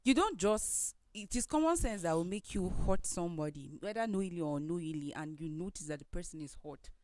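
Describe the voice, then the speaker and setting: Nigerian female co-host, earnest explainer, lowish voice, dry studio sound. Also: expressive, brisk, darkish tone, no room sound. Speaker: talk show co-host. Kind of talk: studio talk show discussion.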